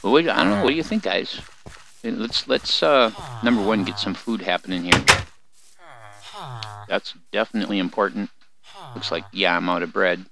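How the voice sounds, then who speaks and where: Gravelly older man narrating gameplay. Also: lowish voice, normal speed, pauses often, crowd noise. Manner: rambling, folksy, chatting to his in-game animals. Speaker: let's play host. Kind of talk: casual gameplay commentary. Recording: noisy home recording with mouse clicks.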